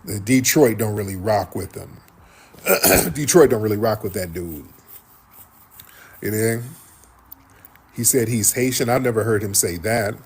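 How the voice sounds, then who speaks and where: A man's voice: on the low side, lively intonation, unhurried, pauses often, breathy edge. A man hosting a show, telling a story in casual commentary and acting out what others said. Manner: storytelling, acts out others' quotes. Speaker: show host reading viewer comments.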